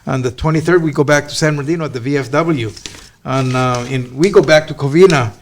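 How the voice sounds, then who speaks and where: A man's voice: mid-range voice, fast, slight background noise. Hesitant man plugging his wrestling shows. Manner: hesitant, many ums and uhs. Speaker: wrestling promoter, guest. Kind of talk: casual interview chat.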